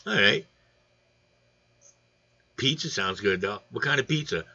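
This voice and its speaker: A man's voice: on the low side, animated, a little slow, vocal fry, sharp tone, lo-fi sound. A man hosting a casual fish livestream, rambling and joking while greeting viewers by name. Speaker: aquarium channel host. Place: home room.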